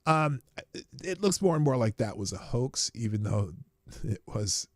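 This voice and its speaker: A man's voice: medium pitch, big pitch swings, measured pace, no room sound, studio quality. A man hosting a casual livestream, talking with sarcasm and exasperation, reading out viewer comments and reacting to clips. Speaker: livestream host.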